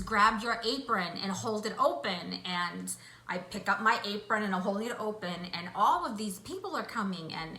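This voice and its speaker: A woman guest vividly recounting a hypnosis vision in an interview, excitable as she tells it. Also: mid-range voice. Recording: echoey room, faint hiss.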